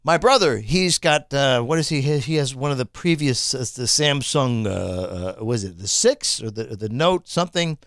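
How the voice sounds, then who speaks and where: A man's voice: mid-range voice, expressive, normal speed, hardly any pauses, fairly bright tone, no echo, studio quality. A man ranting casually to camera, exasperated, swearing and stumbling over restarts. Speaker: vlogger reviewing a phone.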